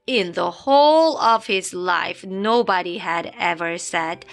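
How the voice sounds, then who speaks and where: A woman's voice: medium pitch, sing-song, slow pace, hardly any pauses, fairly bright tone. A woman reading a children's picture book aloud, dramatic and playful, with sound effects. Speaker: storybook reader. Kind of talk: expressive children's story read-aloud. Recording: faint background music.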